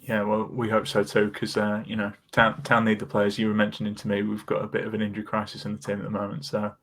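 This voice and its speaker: A man's voice: lowish voice, completely flat delivery, quick pace, a bit bright. A man hosting a casual football podcast, chatty and self-deprecating with many fillers. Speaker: podcast host.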